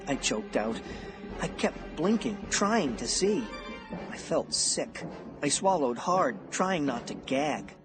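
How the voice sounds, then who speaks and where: Male audiobook reader, slow and lively in pitch, suspense narration over a music bed. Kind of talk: scripted first-person audiobook narration.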